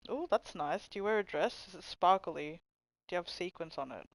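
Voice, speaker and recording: A young woman hosting a livestream, chatting casually with viewers in a low voice that people mistake for a man's, swearing and laughing often. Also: lively intonation, fairly quick, creaky, dry recording, low-quality recording. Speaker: livestream host. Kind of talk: casual chat reading stream comments.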